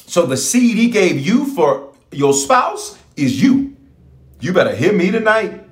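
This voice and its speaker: A man's voice: on the high side, animated, normal speed, roomy sound. A man who is a bishop, preaching and praying with fervent call-and-response and lots of repetition. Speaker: bishop and pastor.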